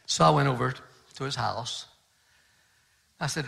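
Older pastor telling a sermon story. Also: male voice, on the high side, expressive, normal speed, creaky, pushed and bright. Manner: conversational, earnest, with frequent restarts.

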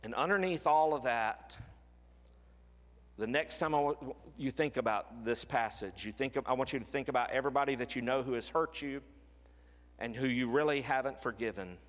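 Male pastor, mid-pitched, earnest, drops to hushed words, long church-hall reverb. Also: normal speed. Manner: earnest, drops to a soft hush on quoted words. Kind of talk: sermon with closing prayer. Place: church sanctuary.

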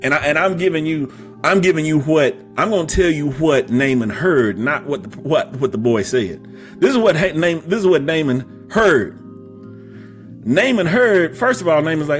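High-voiced preacher building to shouts. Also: male voice, expressive, moderate pace, faint music behind. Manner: emphatic, repetitive, builds to shouting; humorous storytelling with stammered restarts. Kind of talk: sermon.

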